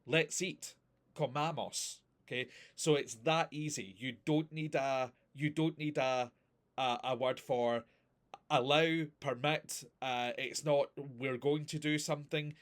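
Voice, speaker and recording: A man's voice: mid-range voice, steady tone, slow pace. A man, a Spanish teacher patiently reviewing grammar step by step and checking in with "okay?". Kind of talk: recorded class review.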